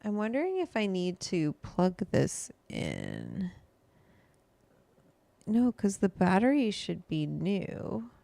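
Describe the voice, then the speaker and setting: A woman hosting a casual chat, chatty and relaxed, reading quotes aloud between remarks. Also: medium pitch, takes it slowly, creaky, no room sound. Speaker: host.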